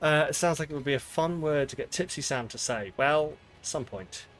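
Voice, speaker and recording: A man's voice: fairly high pitch, moderate pace, a bit bright, soft background music. A young British man with a southern English accent, chatting playfully while streaming a game. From Britain. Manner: playful, self-mocking, tries silly voices. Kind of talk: live gameplay commentary.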